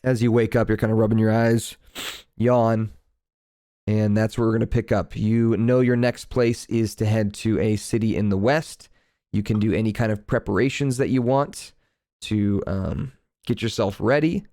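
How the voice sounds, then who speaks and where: A man in a relaxed, chatty manner, narrating a tabletop game as game master. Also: lowish voice, normal speed, no room sound, studio quality. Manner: relaxed, chatty, laughs easily.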